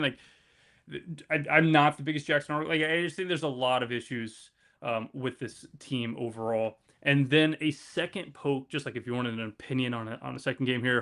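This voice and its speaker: Guest: man with a bright, sharp voice, stop-start and offhand about his betting picks. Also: mid-range voice. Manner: halting, lots of fillers and restarts, offhand. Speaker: college football betting guest. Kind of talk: casual sports betting chat.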